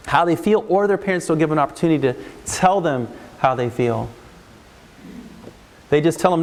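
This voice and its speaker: At normal speed, a middle-aged counselor with a fairly high voice gives a parenting workshop to a live audience, the large hall lending it long reverb. He animatedly performs parents and kids in raised voices.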